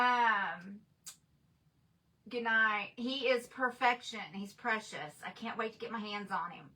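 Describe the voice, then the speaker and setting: A woman runs a crafting livestream, chatting casually and reading viewer comments aloud, rambling with frequent restarts and fillers. Her voice is medium-pitched, bright and forceful, captured on a distant mic in low-quality audio.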